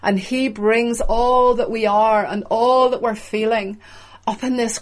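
Slow, high-voiced woman preaching. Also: fairly even intonation. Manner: measured, emphatic preaching that unpacks word meanings. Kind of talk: sermon.

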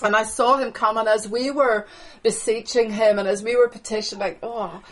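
A woman delivering charismatic prophetic prayer over a video call, fervent, with breathy exclamations. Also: fairly high pitch, fairly even intonation, moderate pace, rough recording.

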